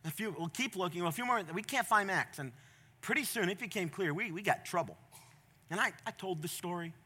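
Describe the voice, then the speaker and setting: Bright-voiced passionate male pastor preaching. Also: high-pitched, a little fast, husky. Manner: passionate, swings from quiet storytelling to loud emphatic preaching. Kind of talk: sermon. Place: church stage.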